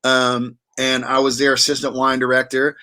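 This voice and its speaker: Bright-voiced man rambling about his past. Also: medium pitch, completely flat delivery, normal speed. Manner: rambling, many restarts and fillers. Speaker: wine auctioneer and guest. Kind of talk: casual interview chat.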